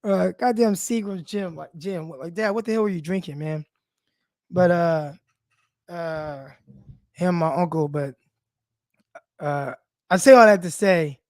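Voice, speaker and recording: With a voice on the high side and a little mellow, a young man hosts a sports podcast. The clean studio recording has no echo, and he speaks teary-eyed in a loose, personal, filler-heavy monologue that's casual and heartfelt.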